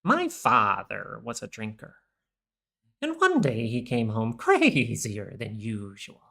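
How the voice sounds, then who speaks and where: A man imitating the Joker as an unhinged male villain, speaking low and slow. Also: huge pitch swings, creaky, pushed and bright, exaggerated voice. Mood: sinister.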